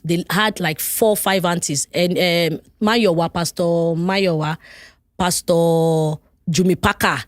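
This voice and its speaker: Nigerian woman guest, lower voice, dry close mic, animated personal storyteller. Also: no room sound. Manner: animated, vivid retelling with laughter. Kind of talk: personal storytelling in a podcast interview.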